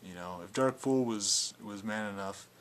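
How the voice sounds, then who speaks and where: A man's voice: on the low side, unhurried, fairly bright tone. A young man talking casually in a video blog response, rambling and defiant, with plenty of filler words. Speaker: video blogger.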